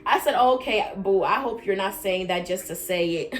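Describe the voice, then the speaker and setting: An animated young woman speaks, recording a casual storytime at home on her camera. She swings from loud, high acted-out quotes down to low, quiet asides. Faint music plays under her voice. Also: moderate pace. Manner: animated, acts out quoted lines with big pitch jumps. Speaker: vlogger.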